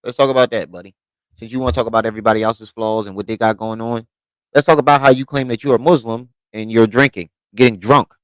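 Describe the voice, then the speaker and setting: A man's voice: medium pitch, steady tone, fast, a bit bright, clear, resonant tone, no room sound, rough recording. A man giving heated reaction commentary, scolding and mocking the person in the clip and repeating his points. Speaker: commentary host reacting to clips.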